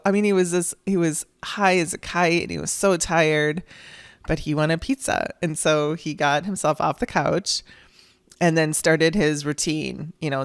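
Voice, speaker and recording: A woman's voice: low-pitched, clear, resonant tone, no room sound, studio quality. A middle-aged woman hosting a podcast, telling a personal story in a chatty, emotional way and laughing through tears. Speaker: podcast host.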